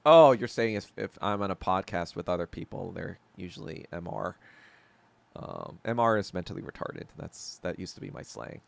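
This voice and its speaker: Answering viewers during a solo livestream chat, this male host rants with blunt profanity, lots of filler, and abrupt subject changes. His low voice has vocal fry and sounds animated at a normal speed, with no room sound.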